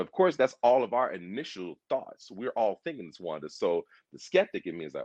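Chatting about a TV series at a brisk clip, this man has a voice on the low side and an animated, rambling manner. He repeats himself and acts out quotes throughout the casual pop culture talk, recorded with dull audio and no room sound.

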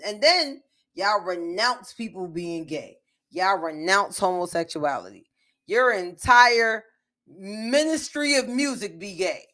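Fired-up speaker ranting solo, hammering points w/ rhetorical questions, mid pitch. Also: a bit bright. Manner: emphatic, fires off rhetorical questions and repeats them. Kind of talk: impassioned opinion monologue.

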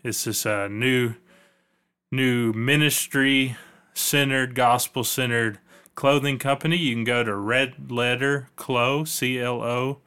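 A man's voice: medium pitch, bright, forceful tone, smooth. A man hosting a podcast, chatting loosely and joking his way through sponsor reads. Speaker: podcast host. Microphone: podcast microphone.

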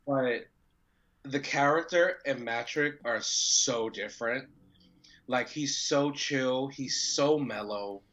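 A man's voice: medium pitch, slow pace, fairly bright tone. A man being interviewed, who tells a story casually, swears freely and acts out what people said. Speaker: professional wrestler guest. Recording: dull lo-fi audio.

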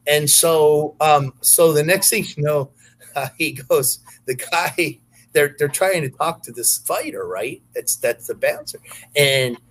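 A man's voice: fairly high pitch, takes it slowly, fairly bright tone, poor audio. Rambling man telling a story. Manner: rambling, many fillers and restarts. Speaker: podcast guest. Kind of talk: casual anecdote telling.

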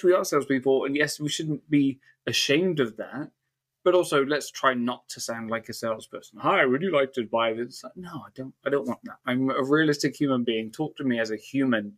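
A man hosting a sales podcast who chats casually and keeps agreeing with his guest. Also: medium pitch. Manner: agreeable, gives frequent short backchannels. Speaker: podcast host. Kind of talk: casual interview chat.

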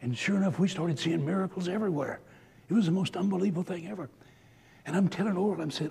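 A man delivering a sermon, moving from personal stories into emphatic, rousing exhortation. His voice is husky and sits a little high for a man. It rings out with a long reverb, as if in a big hall. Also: fast talker, dark tone. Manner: storytelling that builds to emphatic exhortation. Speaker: preacher.

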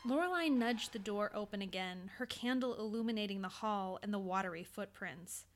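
A woman reads a scripted story aloud with a measured, suspenseful delivery. Her voice sits at a middle pitch, and her pacing holds tension through the scene. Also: slight background noise. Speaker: narrator.

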